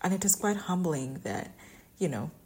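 A shy, soft-spoken woman hosting a devotional Bible-reading podcast, emotional and often laughing as she talks, recording while on vacation. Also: lowish voice, lively intonation, moderate pace, slight background noise. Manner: shy, introverted. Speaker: podcast host. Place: vacation lodging.

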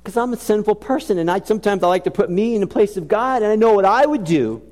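Man preaching in an echoing hall. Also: lively intonation. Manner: emphatic preaching, rising loud then dropping low and slow. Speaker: pastor. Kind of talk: sermon. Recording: long reverb of a large hall.

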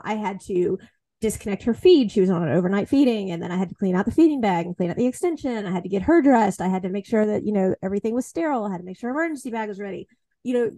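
A woman's voice: medium pitch, dark tone, no echo. A woman hosting a podcast, telling candid stories in a wry, casual way. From Southern United States. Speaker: podcast host. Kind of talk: casual conversational interview.

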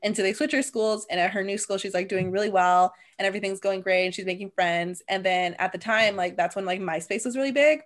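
A woman's voice: medium pitch, fast talker, few pauses. A young adult woman co-hosting a podcast, telling stories in casual chat and saying "like" a lot. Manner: chatty storyteller, heavy use of "like". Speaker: podcast co-host.

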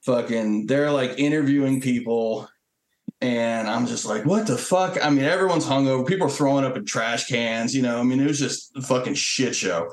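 A man's voice: medium pitch, moderate pace. A man telling stories casually as a veteran guest, swearing often and acting out quotes. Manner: profane and animated, acting out quotes. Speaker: Marine Corps veteran guest. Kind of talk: casual storytelling. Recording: echoey room.

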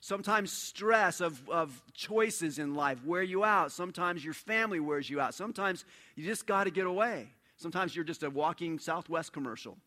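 Bright, lively man preaching. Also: fairly high pitch, moderate pace, hardly any pauses. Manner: animated storytelling, swings from hushed to loud. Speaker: pastor. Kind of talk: sermon.

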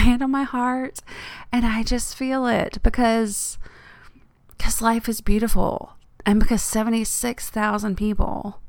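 A woman's voice: mid-range voice, gravelly, clear, resonant tone, dry recording, clean studio sound. A woman hosting her own podcast, talking in a chatty, rambling way and laughing often. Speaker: podcast host. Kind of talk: casual solo podcast monologue.

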